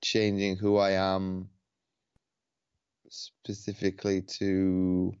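A man with a very low voice talks in an easygoing, relaxed way, often stopping and restarting his sentences. The sound is dry and a little muffled, like call audio. He is hosting a podcast conversation. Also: slow pace, smooth, no room sound. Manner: laid-back, hesitant with many restarts. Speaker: podcast host. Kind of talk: casual conversation. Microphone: video call.

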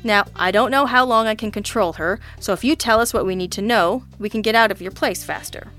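A woman's voice: medium pitch, fairly quick, a bit bright, soft background music, lightly acted. A woman voicing a weary, dry-witted male private detective in an audiobook reading, staying close to her own voice. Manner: dry, terse, sighing.

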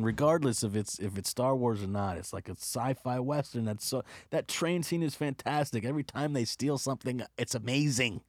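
A man rants through a movie review, swearing freely and playing up a mock-hostile anger, breaking into laughs along the way. His voice sits at an ordinary pitch, and the recording is dry and close with no room echo. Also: normal speed. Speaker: film reviewer. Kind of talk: profane, ranting movie review.

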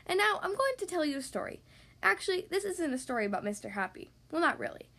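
A woman reads a picture book aloud to young children in a high voice. Her storytelling is gentle and expressive. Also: fast talker. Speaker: podcast host reading to kids.

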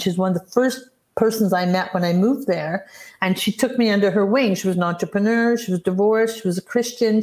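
A woman's voice: on the low side, a little mellow. A woman in her sixties, a business coach, telling personal stories in an earnest, reflective way as a podcast guest. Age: 60s. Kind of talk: podcast interview, storytelling.

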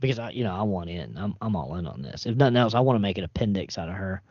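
A man's voice: sits low, lively intonation, racing, a little mellow, breathy edge, no echo. A man hosting a podcast in casual chat, rambling and restarting as he tells stories, with some cursing. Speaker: podcast host. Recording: dull, lo-fi, dry podcast audio.

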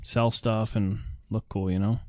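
This northeastern American man keeps things playful while discussing a movie, cracking jokes and performing characters' lines. His lowish voice stays level and slightly mellow at a measured pace. Recorded indoors near a heater, the audio is clean and studio-like with no room sound.

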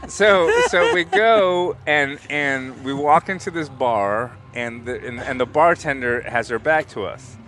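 A man's voice: mid-range voice, a little slow, few pauses, background noise. An American man telling loose, joking stories in a casual chat and swearing freely. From United States.

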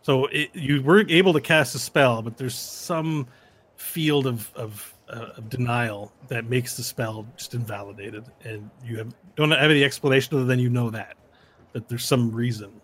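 A man running a tabletop game, narrating the action in a relaxed, chuckling way. His voice has a bright, sharp edge, pitched mid-range. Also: moderate pace. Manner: laid-back, laughing narration with restarts. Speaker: game master.

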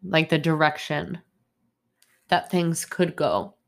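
Her voice is low, gravelly, and slow as this young woman hosts a solo podcast at home in Boston. She rambles stream-of-consciousness style, using many fillers, and comes across as upset and indignant.

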